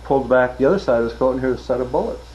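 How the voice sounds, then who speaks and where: A man's voice: medium pitch, lively intonation, very fast, darkish tone, highs cut off, a little hiss or hum. An older man casually telling work anecdotes, acting out the people he quotes and laughing at his own punchlines. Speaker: interviewee telling stories. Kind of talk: casual storytelling.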